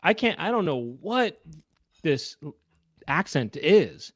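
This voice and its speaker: A man's voice: fairly high pitch, big pitch swings, slow, fairly bright tone, no echo, clean studio sound. A man co-hosting a casual online chat show, joking and mimicking the clips he watches. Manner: playful, mimicking. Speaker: co-host.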